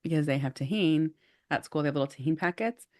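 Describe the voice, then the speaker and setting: Low-voiced woman telling a lively story. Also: fast. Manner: animated, acts out quotes, says "like" often. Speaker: podcast co-host. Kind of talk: casual storytelling chat.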